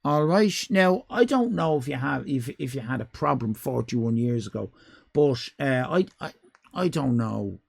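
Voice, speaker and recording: A woman's voice: a bass voice, animated, unhurried, gravelly, no echo. An Irish woman hosting a live stream, chatting casually with viewers in cheeky, rambling banter and frequent swearing. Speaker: livestream host.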